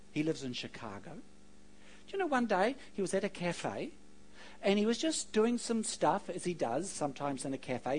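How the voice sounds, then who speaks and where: A man's voice: on the high side, slight background noise, low-quality recording. Kiwi pastor guy preaching, tells stories, voice swings up and down a lot, cracks little jokes to the room. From New Zealand. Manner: animated storytelling with joking asides to the congregation. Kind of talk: sermon.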